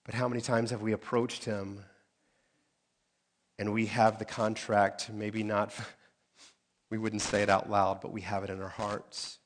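A man preaching a sermon as pastor, conversational and direct with his congregation, swinging from emphatic peaks to quiet asides. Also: lowish voice, little pitch movement, unhurried, pauses often.

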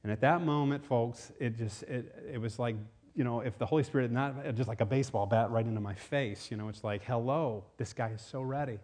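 A man preaching a sermon, telling a personal story in an animated way with many restarts. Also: medium pitch, a little fast. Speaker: pastor.

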